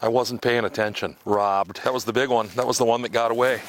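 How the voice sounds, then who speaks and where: A man's voice: mid-range voice, steady tone, fairly quick. A man talking casually to the camera while fishing and cooking outdoors in the woods, joking and mocking himself. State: out of breath at times. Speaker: outdoor vlogger. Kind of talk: casual outdoor vlog talk.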